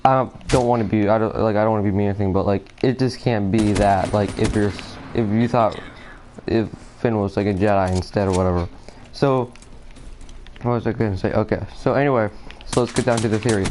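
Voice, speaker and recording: Low-ish guy rambling while he plays a game, nervous, tons of ums and restarts. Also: a little mellow, slight background noise. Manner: hesitant, filler-heavy, restarts a lot; distracted, nervous, apologetic. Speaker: gaming video creator. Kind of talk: rambling commentary while playing a shooter game.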